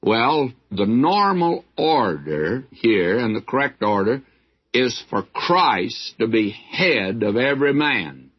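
Slow, husky man teaching a sermon. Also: medium pitch, big pitch swings. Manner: slow, folksy verse-by-verse teaching with asides. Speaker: Bible teacher. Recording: dull lo-fi old recording.

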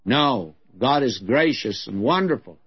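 A man's voice: mid-range voice, lively intonation, unhurried, husky, muffled recording. A man giving a sermon as a Bible teacher, in a frank, folksy, conversational way.

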